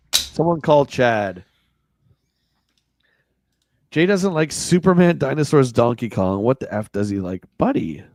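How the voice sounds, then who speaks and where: Jokey man with a lively voice. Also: medium pitch, measured pace, pauses often, no echo. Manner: jokey, reads articles aloud with sarcastic asides. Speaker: podcast co-host. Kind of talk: casual livestream chat reading a magazine.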